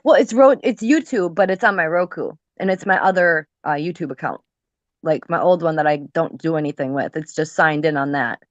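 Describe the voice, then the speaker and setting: Brief: woman co-host, somewhat low voice, playful casual chat, dry room. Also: brisk, dry recording, dull audio. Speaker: co-host, host's wife.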